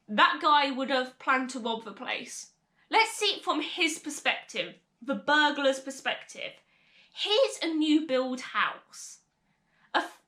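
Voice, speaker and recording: A young woman with a high, bright voice tells a story to camera in an unhurried, chatty way, laughing now and then. She sounds like she is in an echoey room. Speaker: vlogger. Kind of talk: casual storytime vlog.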